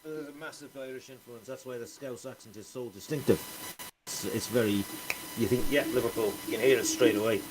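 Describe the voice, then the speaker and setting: A man's voice: mid-range voice, fairly quick. A man in casual chat who rambles and swears freely. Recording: noisy background.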